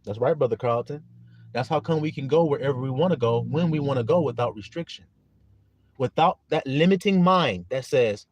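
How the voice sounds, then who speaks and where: A man preaching a live-streamed sermon, his pitch leaping high and dropping low as he rises and falls. He reads scripture aloud, quizzes his listeners and laughs between points. The sound is close and dry, with no room echo. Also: moderate pace. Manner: animated preaching, greets viewers by name, laughs often.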